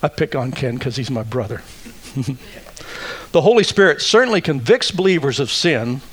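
A male pastor preaching a sermon, deliberate and emphatic, with wry asides. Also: mid-range voice, very animated, a bit bright.

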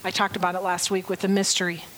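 A woman's voice: fairly low pitch, monotone, fast talker, fairly bright tone, rough recording. A woman preaching a sermon in an earnest, emphatic way, leaning on key phrases.

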